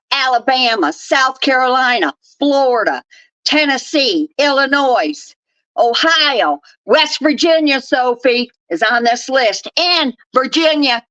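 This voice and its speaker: A woman's voice: sits high, pushed and bright, no room sound, rough recording. An older woman from Texas, hosting her own show with blunt, profane, scolding rants. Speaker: show host. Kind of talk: ranting commentary.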